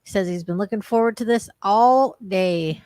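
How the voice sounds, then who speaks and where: A woman's voice: mid-range voice, moderate pace, a little mellow, no room sound, studio quality. A woman co-hosting a recovery livestream in casual chat, greeting viewers by name and talking around a sore tongue. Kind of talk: casual live-stream chat.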